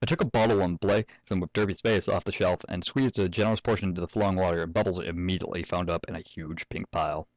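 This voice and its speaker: A young man with a deep voice reads a fan story aloud at home, speaking fast with few pauses and fairly even intonation. He keeps breaking off to joke, swear and laugh, turning it into casual reading with asides. The recording is low quality but has no echo.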